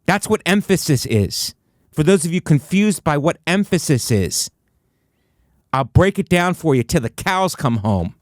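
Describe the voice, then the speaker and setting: A man's voice: unhurried, dry recording. Ranting male comedian in a dry studio. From United States. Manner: mock-motivational ranting, swinging between high excited bursts and low, flat asides. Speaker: comedian and podcast host. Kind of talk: solo comedic podcast monologue. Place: podcast studio.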